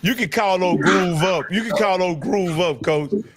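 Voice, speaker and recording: A man's voice: sits high, normal speed, a little hiss or hum. A man co-hosting a sports talk show, joking and playful during the sign-off. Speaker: co-host. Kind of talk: casual sign-off banter.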